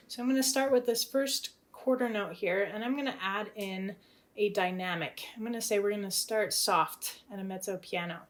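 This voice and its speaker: A woman explains music theory as she works through a composition, thinking aloud as she goes. She sounds relaxed and tentative, weighing each choice, with a mid-range voice. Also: mid-range voice. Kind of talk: talking through a composition demo.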